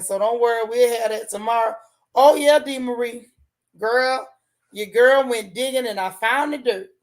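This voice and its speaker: A woman's voice: a little high, moderate pace. A woman hosting a casual gossip livestream, chatting with viewers in a sassy way and repeating lines for emphasis. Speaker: host of a gossip and TV recap livestream.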